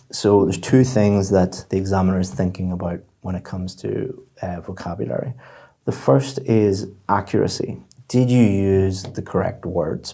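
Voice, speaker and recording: A man giving an IELTS candidate feedback on their score, explaining clearly and methodically with everyday examples. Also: low-pitched, dark tone.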